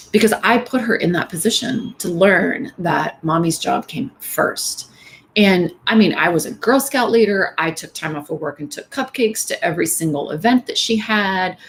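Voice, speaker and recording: A middle-aged woman talks candidly to a room of women in an easygoing motivational style, her voice sitting at an ordinary middle pitch. A faint hiss of noise runs under the recording. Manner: candid, conversational, many fillers. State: tearful at times. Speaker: speaker at a women's event. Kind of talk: motivational talk.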